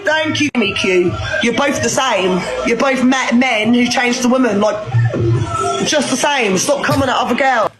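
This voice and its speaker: A man's voice: extremely high pitch, unhurried, low-quality recording. A man on a rival livestream ranting and swearing defiantly in a heated argument. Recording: stream audio with music behind.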